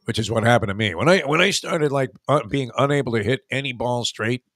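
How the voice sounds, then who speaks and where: A man's voice: mid-range voice, a little fast, a bit bright, no room sound, clean studio sound. A man hosting a casual radio talk show, telling rambling, joking stories.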